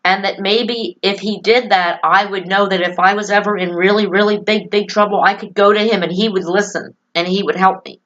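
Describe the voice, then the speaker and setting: A woman's voice: medium pitch, fairly even intonation, fairly quick, few pauses, fairly bright tone, highs cut off. A woman vlogging to camera about her own life and opinions, earnest, emotional and opinionated. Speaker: political vlogger. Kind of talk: personal talk to camera.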